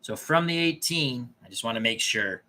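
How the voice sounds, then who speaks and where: A man's voice: medium pitch, animated, normal speed, pushed and bright. A man casually thinking aloud as he plays a tabletop dice game, often muttering and correcting himself. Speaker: tabletop game player and channel host.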